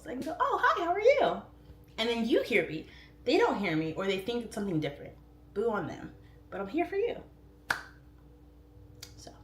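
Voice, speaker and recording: A woman in her thirties hosting a casual livestream, chatting openly and jumping up in pitch when she quotes herself. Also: reverberant. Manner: chatty, expressive, pitch jumps up for quoted voices. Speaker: livestream host.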